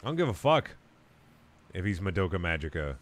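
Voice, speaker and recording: A man's voice: low voice, sing-song, a little fast. A young man streaming a video game, chatting casually and ranting with lots of swearing. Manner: crude, profane, ranting. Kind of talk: casual gaming stream chat.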